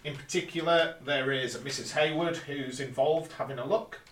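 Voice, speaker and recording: A man's voice: a little high, normal speed, a bit bright, a little hiss or hum. A man recapping an episode plot step by step on a casual podcast, with dry little asides. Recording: roomy, distant mic.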